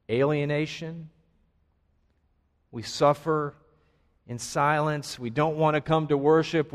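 Guy preaching a sermon, slow deliberate delivery, lots of pauses, long echo from the sanctuary. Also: a little high. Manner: earnest, with dramatic pauses and rising emphasis. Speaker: pastor. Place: church sanctuary. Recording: long hall reverb.

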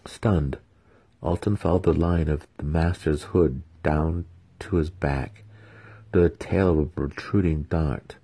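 A man's voice: very deep voice, warm tone, slightly rough, dry recording. A man giving a dramatic reading of a fantasy novel as its narrator. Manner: dramatic storytelling delivery.

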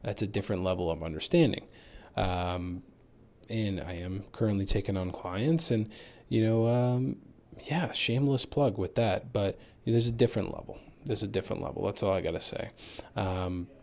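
A man with a fairly low voice hosts a solo fitness podcast. He talks in a loose, candid, motivational way and drops the occasional swear word. He is getting over a recent illness. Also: moderate pace, darkish tone. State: recovering from illness. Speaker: fitness coach and podcast host. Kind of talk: casual solo podcast monologue.

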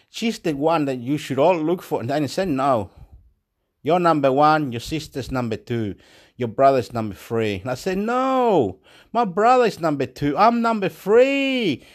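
A man's voice: on the high side, normal speed. A man talking in a rambling, repetitive and emotional monologue to camera.

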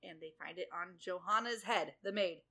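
A woman with a bright, clear voice talks through a television episode for a podcast. Her tone is loose and conversational, with quick asides and brief playful voicings of the characters she describes. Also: on the low side. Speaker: podcast co-host recapping episodes. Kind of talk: casual chat.

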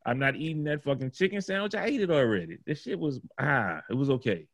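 A man's voice: medium pitch, animated, fast, gravelly, no room sound. A man hosting a podcast, telling rambling, profane stories in casual chat. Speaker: podcast host.

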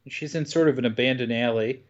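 A man's voice: mid-range voice, fast. A man from the United States recapping a movie in casual podcast chat, dry and wry, swearing freely. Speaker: podcast co-host. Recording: dull lo-fi podcast audio.

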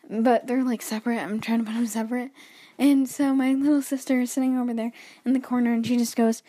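A woman's voice: fairly high pitch, little pitch movement, brisk, darkish tone. A teenage girl hosting her own podcast alone, talking nervously and rambling with lots of restarts, a little wheezy, while pacing around her bedroom. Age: teens. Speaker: podcast host. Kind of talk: solo podcast chat.

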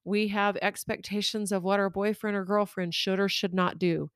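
A woman coach talks listeners through everyday relationship advice in a relaxed, conversational tone. Her delivery is expressive and candid, speaking straight to the audience, with a mid-range voice. The sound is dry and close, with no room echo. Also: mid-range voice, moderate pace, smooth. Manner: expressive, candid storytelling with direct address to listeners. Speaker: life coach and podcast host.

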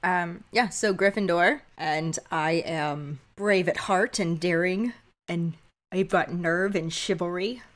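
A woman's voice: fairly low pitch, slow pace. A young woman guest on a podcast, chatting with fan enthusiasm. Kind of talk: casual chat.

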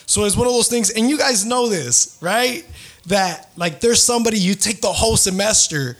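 A young man hosts a casual podcast, rambling through stories full of swearing and street slang. His voice sits fairly high for a man, and he laughs often as he goes. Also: moderate pace, a bit bright. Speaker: podcast host. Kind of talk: casual storytelling chat.

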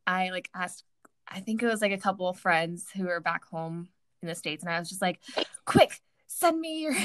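A woman's voice: mid-range voice, a bit bright, clear, resonant tone, no echo, clean studio sound. A woman co-hosting a podcast, telling a story casually with lots of fillers and laughter. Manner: giggly, filler-heavy storytelling. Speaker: podcast co-host.

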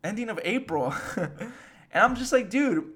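A man's voice: sits high, animated, normal speed, bright, forceful tone, slightly rough. A young man hosting a podcast, rambling in casual, slangy chat full of swearing. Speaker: podcast host.

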